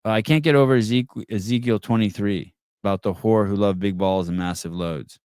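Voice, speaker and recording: A man's voice: lowish voice, steady tone, fairly quick, a little mellow, clear, resonant tone, no echo, clean studio sound. A man hosting a live call-in podcast, talking bluntly and with a lot of swearing, restarting his words often and reading viewer comments aloud. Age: adult with children. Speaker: podcast host.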